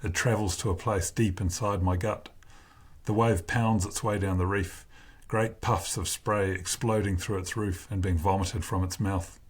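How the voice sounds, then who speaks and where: A man with a husky voice reading a first-person novel aloud in a slow, deliberate way. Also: sits low, fairly even intonation. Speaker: narrator.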